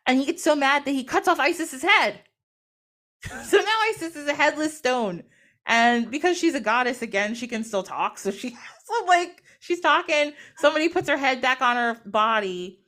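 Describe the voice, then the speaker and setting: A woman casually retelling a myth, animated and laughing often as she acts out the quotes. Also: high voice, moderate pace. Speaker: podcast guest or host.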